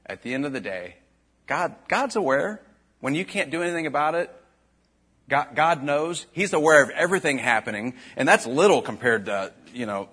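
A pastor preaches in a loose, conversational way, breaking into sharp emphatic bursts. His voice sits at a middle pitch with a husky, slightly breathy edge. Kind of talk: sermon.

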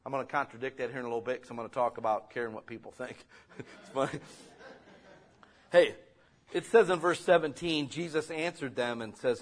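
A middle-aged man, a pastor, preaching a sermon in a casual, conversational way that swings from quiet asides to loud exhortation. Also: mid-range voice, brisk.

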